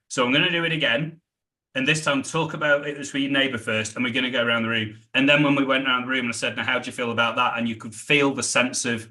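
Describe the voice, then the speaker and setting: A middle-aged British man, a sales trainer, telling animated stories in a podcast interview and acting out the dialogue. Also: medium pitch, quick pace. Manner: animated anecdotes, acts out quoted dialogue.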